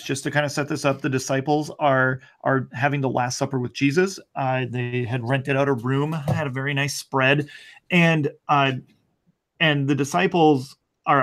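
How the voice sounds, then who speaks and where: A man's voice: medium pitch, a bit bright. A man co-hosting a casual theology chat, telling a rambling story with jokes and restarts. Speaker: podcast co-host.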